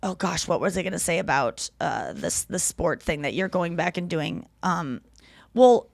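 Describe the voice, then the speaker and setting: A woman's voice: lowish voice, expressive, moderate pace, gravelly, dry recording, clean studio sound. A woman in her thirties hosting a podcast, telling rambling stories in casual chat and swearing freely. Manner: chatty, rambling storyteller who swears freely. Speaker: podcast host.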